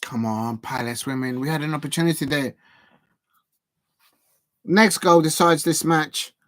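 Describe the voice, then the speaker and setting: Fan guy doing live watch-along commentary, gets loud and excited, dry close sound. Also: fairly high pitch, a little slow, dry recording. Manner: excitable, cheers and pleads at the action, chatty asides. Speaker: football fan channel host.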